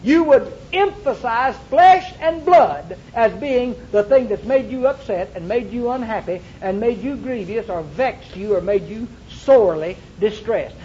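A man's voice: sits high, a little mellow, highs cut off, slight background noise. A male pastor preaching a sermon to a congregation, with emphatic repetition and rhetorical questions. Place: church before a congregation.

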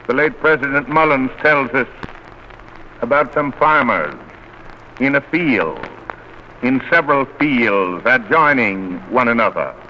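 A man preaching a sermon in an earnest, measured oratorical delivery, on an old radio recording. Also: mid-range voice, highs cut off, slight background noise.

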